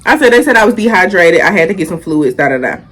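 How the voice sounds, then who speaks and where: A woman's voice: lowish voice, very animated, fast, a bit bright, breathy edge. A young woman, telling a casual storytime and animatedly acting out the quotes. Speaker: vlogger.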